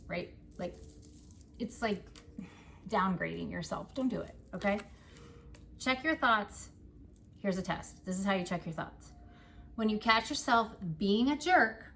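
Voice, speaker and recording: Woman, mid-pitched and gravelly, chatty tarot reader who swears casually and keeps checking in with "right?". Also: a bit bright, slight background noise. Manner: loose and profane, with frequent "like" and "right?". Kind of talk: casual tarot reading to viewers.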